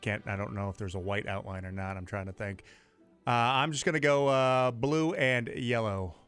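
A man's voice: mid-range voice, moderate pace, music in the background. A man on a radio show answering quiz questions and stubbornly arguing jokey claims in the studio. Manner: stubborn, joking contestant.

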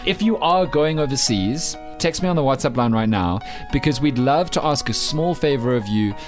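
A man's voice: medium pitch, lively intonation, moderate pace. South african guy doing breakfast radio links, teasing and chatty, faint music bed. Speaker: radio breakfast show host.

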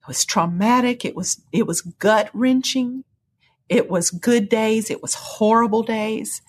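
A woman guest shares an emotional personal testimony in an earnest, breathy voice, speaking a little slowly. Her storytelling swings up into high cries as she relives certain moments.

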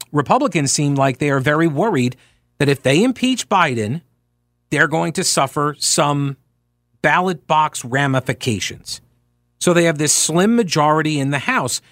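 Speaking into a studio mic with no room sound, this man hosts opinionated talk radio in a voice on the high side. His delivery is lively and argumentative, full of rhetorical questions and frequent restarts.

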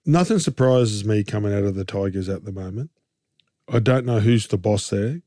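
An Australian man co-hosting a casual sports chat, animated and jokey, rambling through his points with restarts and rhetorical questions. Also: on the low side, normal speed, no room sound, studio quality. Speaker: co-host and game commentator.

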